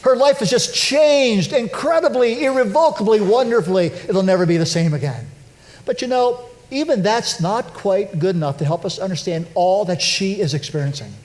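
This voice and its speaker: Man, pastor, high voice, conversational sermon, animated, self-deprecating humor, church. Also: moderate pace. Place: church sanctuary.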